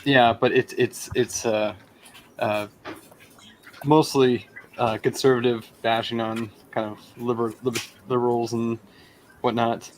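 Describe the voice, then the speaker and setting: A man's voice: medium pitch, level tone, measured pace, a little hiss or hum, rough recording. Rambling man co-hosting a stream. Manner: rambling, searching for words as he tells a story. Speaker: co-host. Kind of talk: casual stream chat.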